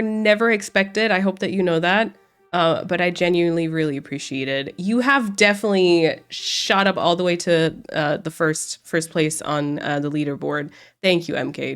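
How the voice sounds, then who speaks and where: A woman streamer chats casually with her viewers on a livestream, rambling and frequently restarting her sentences. Her voice is on the low side with a moderate pace, congested and nasal from a cold, and faint music plays in the background.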